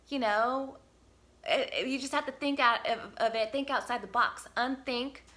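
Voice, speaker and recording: A woman's voice: fairly high pitch, moderate pace, sharp tone. A woman giving a casual spiritual vlog talk outdoors, upbeat and encouraging, rambling with many fillers and restarts. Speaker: spiritual healer and channel. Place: outdoors on a windy day.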